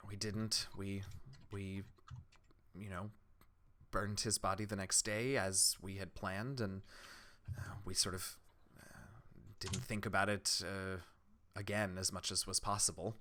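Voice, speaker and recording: A man's voice: low voice, little pitch movement, measured pace, long pauses, pushed and bright, pitched below the performer's own voice. A man voicing an anxious, grieving village woman in a tabletop game, who speaks hesitantly, stammering and pleading. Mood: subdued. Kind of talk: tabletop role-play.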